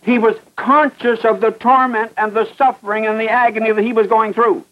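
A man's voice: high-pitched, little pitch movement, brisk. A man preaching a fervent sermon, hammering his points with repetition and rhetorical questions. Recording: muffled old radio broadcast.

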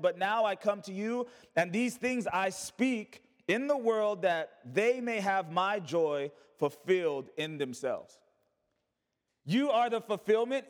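High-voiced preaching pastor in a reverberant hall. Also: male voice. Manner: preaching with call-and-response and rhetorical questions. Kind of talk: sermon.

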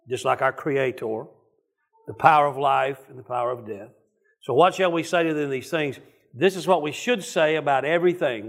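A man preaching a sermon in a folksy storytelling way, calling on listeners by name. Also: mid-range voice.

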